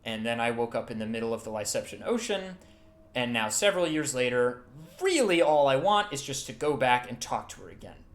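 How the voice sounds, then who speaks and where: A man doing a heartbroken man, halting. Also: medium pitch, sing-song, lightly acted. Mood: mournful. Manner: halting, emotional storytelling. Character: heartbroken man recounting lost love. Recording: roomy echo, faint music.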